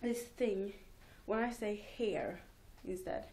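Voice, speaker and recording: A woman's voice: medium pitch, a little slow, darkish tone. A teenage girl rambling casually in a home vlog, giggling and mocking herself between thoughts. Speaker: vlogger.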